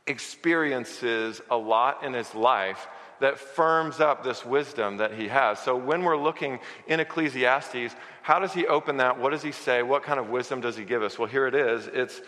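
Male pastor, lively conversational sermon, punchy bright tone, long hall reverb. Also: a little high, moderate pace. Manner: animated, conversational teaching with humor. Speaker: preacher.

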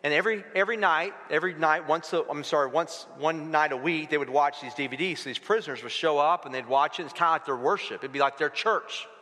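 A middle-aged man preaching a sermon in a church, storytelling with lively swings in pitch and acting out the voices in his anecdotes. His voice is bright and a little high for a man, and a long reverb rings around it in the sanctuary. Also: fast, hardly any pauses. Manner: storytelling, animated, acts out dialogue. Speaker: pastor.

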